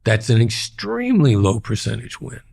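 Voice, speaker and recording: A man's voice: mid-range voice, big pitch swings, normal speed, creaky, darkish tone, husky. A middle-aged man, a former hostage negotiator, speaking as a podcast interview guest in a plain-spoken way and repeating key phrases for emphasis.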